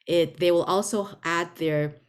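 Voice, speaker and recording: A woman giving an informal spiritual lesson, talking deliberately and repeating words for emphasis. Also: lowish voice, fairly even intonation. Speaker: spiritual teacher. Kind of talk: informal teaching talk.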